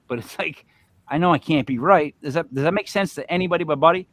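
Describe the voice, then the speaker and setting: Joking higher-voiced host from the Northeast. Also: male voice, fast talker. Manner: joking, rambling, animated. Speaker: podcast host. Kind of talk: casual chat.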